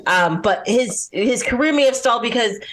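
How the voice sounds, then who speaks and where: Female podcast co-host, a touch high-pitched, chatty and emphatic in relaxed banter. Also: normal speed, a little hiss or hum. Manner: emphatic, chatty, uses "like" a lot. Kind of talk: casual chat.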